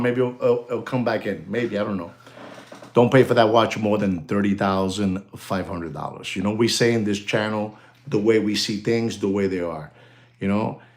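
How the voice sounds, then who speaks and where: A man hosting a live stream, excitable and animated, thanking viewers and mixing in exclamations. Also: fairly low pitch.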